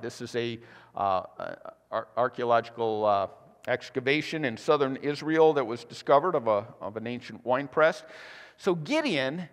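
A male pastor preaching a sermon in a conversational, animated way, in a church sanctuary. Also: on the high side. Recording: long hall reverb.

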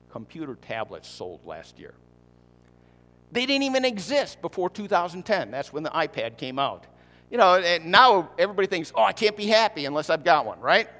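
A man's voice: medium pitch, a bit bright. Conversational male pastor preaching in a hall. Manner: conversational preaching, repeats key points, rhetorical questions. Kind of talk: sermon.

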